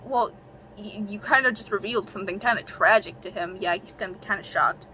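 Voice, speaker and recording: A young woman reading aloud a story she wrote as a child, haltingly and with restarts, breaking off for self-mocking, giggly asides. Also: mid-range voice, sharp tone, a little hiss or hum, poor audio. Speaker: reader of her own childhood story.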